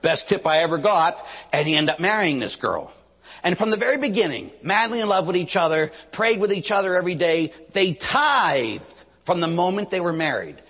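Man, priest preaching, husky voice, lively rising and falling pitch, long hall reverb. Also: moderate pace. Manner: storytelling, acts out quotes, asks the audience "Huh?". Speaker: Catholic priest. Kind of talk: preaching sermon.

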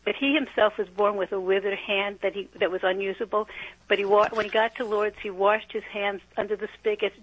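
A woman's voice: medium pitch, little pitch movement, a little fast, slightly rough, no echo. A woman calling in to a radio talk show, telling a story in an earnest, rambling way. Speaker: radio caller. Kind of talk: phone-in call on a talk show. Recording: muffled phone line.

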